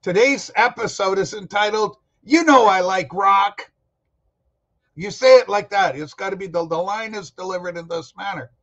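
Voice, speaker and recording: A man's voice: high-pitched, brisk, few pauses. A man hosting a casual record-collecting livestream, rambling and joking as he answers the chat. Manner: rambling, jokey, talks back to chat commenters. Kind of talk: casual live-chat talk.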